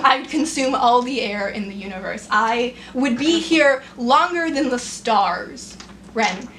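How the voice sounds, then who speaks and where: A woman's voice: sits high, pushed and bright, a little hiss or hum, exaggerated voice. A woman playing a guilt-ridden male archer. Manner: pleading, then passionate and rising.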